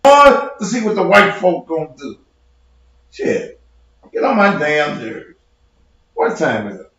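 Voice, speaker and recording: Combative male preacher-host, high lively voice, cussing rant in a very echoey room. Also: takes it slowly, muffled recording. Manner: profane, combative, mocking. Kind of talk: heated livestream rant.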